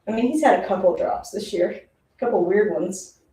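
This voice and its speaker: A woman talking through a live football game as a streamer, chatty and rambling and often laughing. Her voice is mellow and a little dark. It sits away from the mic in an echoey room. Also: mid-range voice, expressive, moderate pace. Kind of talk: casual live play-by-play reaction. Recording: roomy, distant mic.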